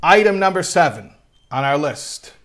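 Male text-study teacher, slightly high voice, reads a passage then translates, animated. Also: moderate pace. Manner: animated, voice rising when quoting. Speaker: Torah teacher.

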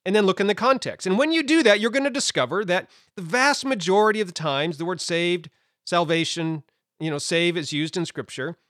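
A man's voice: high-pitched, brisk, fairly bright tone, no room sound, studio quality. Chatty man teaching on a podcast. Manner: conversational, many fillers and asides, laughs at own points. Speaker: podcast host.

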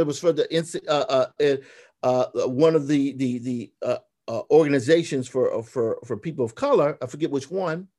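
A man's voice: fairly high pitch, normal speed. A man in his fifties, a graphic novelist and podcast guest, telling stories animatedly and acting out the quotes. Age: 50s. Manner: animated storyteller, acts out quotes. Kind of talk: casual podcast conversation.

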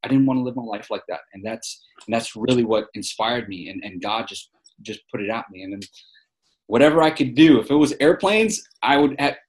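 A man's voice: mid-range voice, lively intonation, fairly quick. A man in his forties from New York, a guest telling stories in an interview, earnest and rambling with lots of fillers and restarts. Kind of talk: casual interview storytelling.

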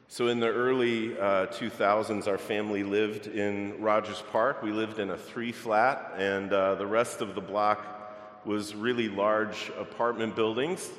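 Low-voiced pastor in an echoey church. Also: male voice, little pitch movement, measured pace, fairly bright tone. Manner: storytelling, conversational with fillers. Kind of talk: sermon. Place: large church sanctuary. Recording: echoey church hall, long reverb.

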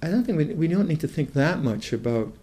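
Older guy giving a dharma talk, mellow warm voice, halting, keeps restarting his sentences. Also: fairly high pitch, animated. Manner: thoughtful, halting, with many restarts. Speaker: Buddhist meditation teacher.

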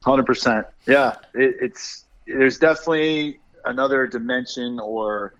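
A man's voice: medium pitch, fairly even intonation, measured pace, fairly bright tone. A man from Arizona, a guest artist, talking enthusiastically over the phone in a casual interview. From Arizona, USA. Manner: enthusiastic, rambling with restarts. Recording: dull phone-line sound.

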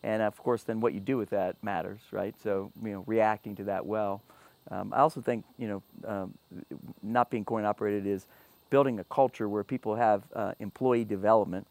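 A man's voice: fairly low pitch, fairly even intonation, normal speed, creaky, darkish tone, no room sound. A man talking earnestly as a guest about running a business and treating staff well. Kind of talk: casual panel talk.

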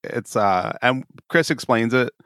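A man's voice: mid-range voice, unhurried, a bit bright, no room sound, clean studio sound. A man co-hosting a podcast in casual chat, laid-back and laughing often. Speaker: podcast co-host.

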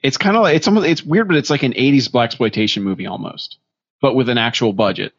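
Man, podcast co-host, casual movie chat, swears a lot, middle pitch, dry slightly muffled sound. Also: quick pace, husky, no echo. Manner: profane, animated retelling of scenes.

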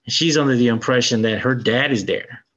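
A man co-hosting a casual podcast, excitedly recounting a film's plot and acting out the characters' lines. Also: medium pitch, a little fast, highs cut off. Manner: animated retelling, acts out character lines. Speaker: podcast co-host. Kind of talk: casual film review chat.

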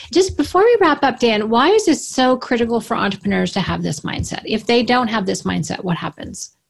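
A woman's voice: medium pitch, gravelly. A woman hosting a casual conversation, engaged and upbeat. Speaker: host.

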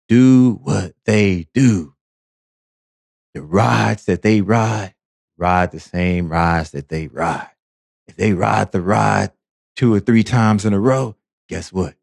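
Slow, gravelly man preaching advice. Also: lowish voice, a little mellow, dry recording, clean studio sound. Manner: repetitive, preachy, emphatic. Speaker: podcast host. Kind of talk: motivational monologue.

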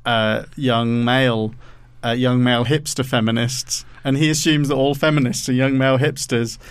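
Teasing podcast host. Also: male voice, medium pitch, fairly even intonation, clear, resonant tone, dry recording. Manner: teasing, quick rhetorical questions. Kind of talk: casual banter.

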